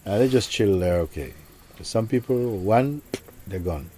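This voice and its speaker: A man speaks in a deep, low voice, telling a story to his listeners as a spiritual teacher. His tone is dark and mellow. He talks reflectively and softly, often dropping almost to a whisper, with a faint hiss of noise underneath. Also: expressive, unhurried. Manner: reflective, soft-spoken, often sinks to near a whisper.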